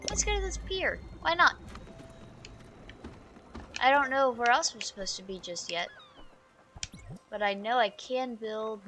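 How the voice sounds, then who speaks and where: A woman's voice: on the high side, pushed and bright, a little hiss or hum. A woman streamer giving casual gameplay commentary, chatty and jokey, thinking aloud as she plays.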